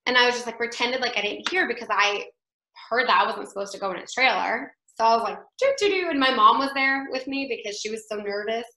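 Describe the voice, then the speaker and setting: A woman actress telling an anecdote as an interview guest, animated and chatty, laughing often and acting out what others said. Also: on the high side, fast, reverberant, poor audio.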